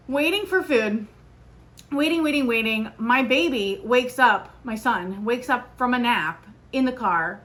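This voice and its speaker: Chatty young woman, slightly high voice. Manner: chatty storytelling, lots of "like", animated retelling. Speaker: podcast host. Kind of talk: casual solo podcast chat.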